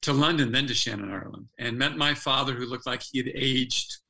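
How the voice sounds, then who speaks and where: A man's voice: medium pitch, a little fast, gravelly, sharp tone, rough recording. An older man, a former athlete turned speaker, earnestly telling a personal story as a podcast guest, restarting his phrases as he goes.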